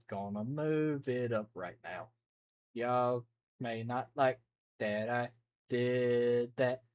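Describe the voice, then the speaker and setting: A man's voice: mid-range voice, lo-fi sound. A man chatting casually on a live stream while reacting to videos, rambling, laughing and humming along.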